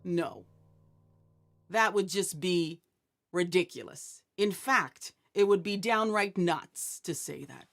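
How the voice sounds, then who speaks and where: A woman's voice: lowish voice, takes it slowly, gravelly, faint music behind. A woman hosting a live inspirational talk show, chatty and joking, often putting questions to her audience. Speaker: host.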